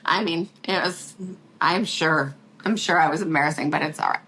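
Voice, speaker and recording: Middle-aged woman, podcast guest, lively and laughing, light background noise. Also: sits low, moderate pace, poor audio. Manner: laughing, animated storytelling with quoted voices. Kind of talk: casual chat.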